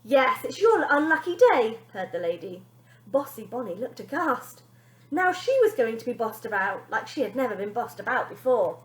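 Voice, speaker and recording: Expressive teacher reading a children's story. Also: female voice, fairly high pitch, normal speed. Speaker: primary school teacher. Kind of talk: storybook read-aloud for children. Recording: echoey room.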